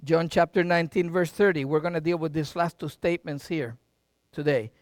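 A middle-aged man pastor preaching a sermon, with dramatic swings between loud and quiet and folksy asides to the congregation. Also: on the high side, brisk, no echo, studio quality.

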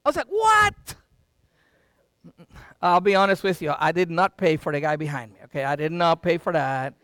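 A middle-aged man pastor preaching a sermon, with dramatic swings between loud and quiet and folksy asides to the congregation. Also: fairly high pitch, steady tone, fast, clean tone, dry recording, studio quality.

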